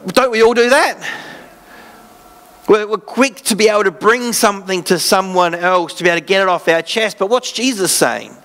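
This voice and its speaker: A man's voice: high voice, steady tone, normal speed, fairly bright tone. An Australian man, a pastor, preaching a sermon in an earnest, conversational way with self-deprecating asides.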